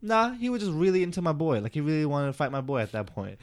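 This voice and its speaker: A man's voice: on the high side, fast talker. A man co-hosting a podcast, chatting casually and animatedly, acting out voices as he tells a story. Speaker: podcast co-host. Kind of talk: casual chat.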